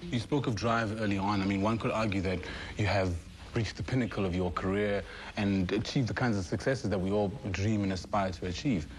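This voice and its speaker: A man interviewing a guest, asking measured, formal questions. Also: fairly low pitch, slight background noise.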